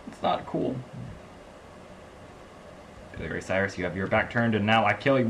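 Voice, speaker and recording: A man from the American South giving excitable let's-play commentary, swinging between low mumbles and loud laughing outbursts. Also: normal speed, pauses often, a little hiss or hum. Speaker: gaming channel host.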